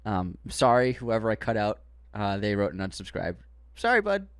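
A man's voice: fairly low pitch, very animated, normal speed, smooth, no room sound. A man with a Boston accent co-hosting a podcast in casual chat, reading listener comments aloud with mock outrage. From Boston area. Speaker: podcast co-host.

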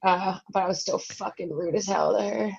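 Woman, mid-pitched, blunt and joking, swears, dull lo-fi sound. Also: normal speed, vocal fry, a little mellow, slightly rough. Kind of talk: casual chat.

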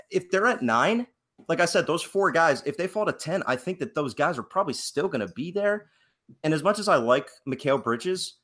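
A man's voice: medium pitch, fairly bright tone. A young man co-hosting a casual live sports podcast, chatty and opinionated, laughing often. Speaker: podcast co-host. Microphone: webcam and computer mic.

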